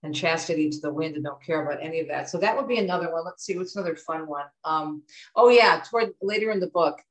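A middle-aged woman from the United States with a lowish voice talks as an interview guest. She tells stories in a lively, chatty way. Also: fast talker, poor audio. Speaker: author and guest. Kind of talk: conversational interview.

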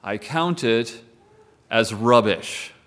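A man's voice: medium pitch, expressive, drawn-out words, fairly bright tone. A male pastor preaching a sermon in a conversational way, with wry asides to the congregation.

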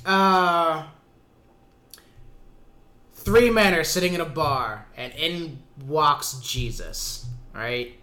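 A man's voice: fairly high pitch, extremely slow, pauses often, sharp tone. A man co-hosting a podcast, easygoing and laughing along, telling a street joke in casual chat. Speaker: podcast co-host.

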